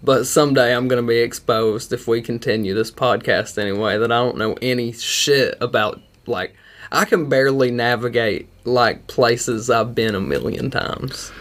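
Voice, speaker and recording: A man's voice: medium pitch, moderate pace, fairly bright tone. A man with a Kentucky accent, co-hosting a casual podcast, rambling, laughing often and trailing off. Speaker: podcast co-host.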